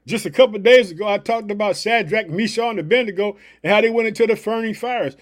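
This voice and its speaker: High voiced guy preaching on his podcast, super pumped, keeps hitting the same catchphrases. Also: quick pace, few pauses. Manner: fired-up and emphatic, repeating catchphrases. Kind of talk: upbeat devotional podcast sermon.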